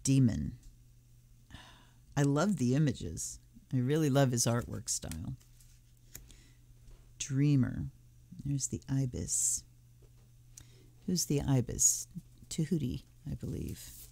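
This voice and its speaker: Slow, mellow-voiced woman musing over cards. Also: very deep voice, big pitch swings, gravelly. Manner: musing, thinking aloud while flipping cards. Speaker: tarot reader and channel host. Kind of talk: casual deck unboxing commentary.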